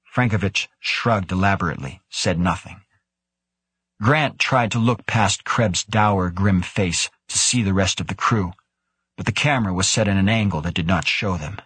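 Reading scripted narration, this man's low, husky voice moves at a steady and measured pace. The audio has no echo.

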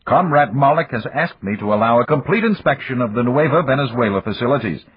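A man's voice: medium pitch, lively intonation, quick pace, slightly rough, dry recording, voice pushed up. A man voicing a stiff, furious male government minister who speaks formally and with tight control. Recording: dull dry lo-fi recording.

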